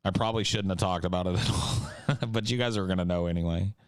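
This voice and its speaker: Low-voiced, joking male host. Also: fast talker, clean tone, dry recording, clean studio sound. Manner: joking, profane, offhand. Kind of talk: casual Q&A chat.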